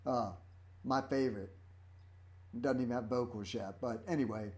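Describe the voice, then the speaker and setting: A man's voice: mid-range voice, moderate pace, darkish tone. A man in his fifties hosting a casual livestream, telling rambling stories about his life as a rock drummer. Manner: rambling, anecdotal storytelling.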